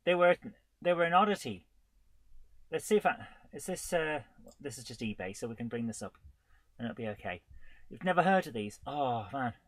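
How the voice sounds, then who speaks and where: A man's voice: medium pitch, animated, moderate pace, long pauses, dry recording. Rambling man hosting a stream. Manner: rambling and self-deprecating, with chuckles. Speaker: host of a live retro gaming show. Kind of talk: casual livestream chat.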